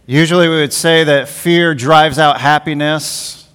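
A man's voice: on the high side, steady tone, measured pace, fairly bright tone, clean tone, big-room sound. A man pastor preaching a sermon in a conversational, storytelling way.

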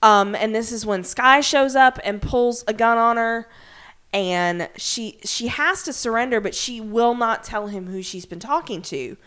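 A woman with a slightly high voice chats through a TV episode recap on a podcast. She acts out the characters' lines in quick bursts and swears freely. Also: smooth. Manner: animated retelling, acting out characters' lines, frequent swearing. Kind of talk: casual chat.

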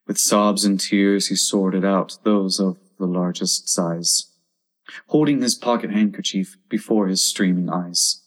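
Man, storybook narrator, low voice, steady and measured reading. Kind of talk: storybook read-aloud.

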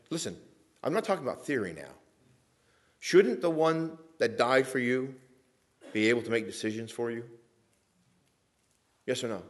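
A middle-aged man preaching a sermon as pastor, earnest and a little weepy, swinging from loud emphatic lines to soft, quiet ones. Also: mid-range voice, lively intonation, normal speed, long pauses.

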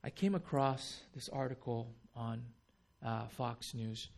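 A man preaching a sermon, animated and dramatic, acting out people's reactions with sudden louder bursts. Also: medium pitch, takes it slowly, vocal fry. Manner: animated, acts out voices with sudden loud outbursts. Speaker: pastor.

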